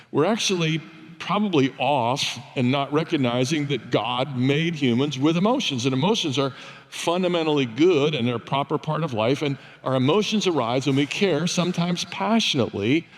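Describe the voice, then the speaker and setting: An older man preaching a sermon, telling stories in a conversational, wry, self-deprecating way. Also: a little high. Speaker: pastor. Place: church sanctuary. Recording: long church reverb.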